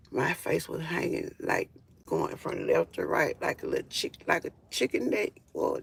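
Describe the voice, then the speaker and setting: A woman's voice: low-pitched, gravelly, husky. A woman telling her own story in a casual live stream on her phone, emphatic, with frequent fillers. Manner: emphatic, with frequent fillers like "or whatever" and "you feel me".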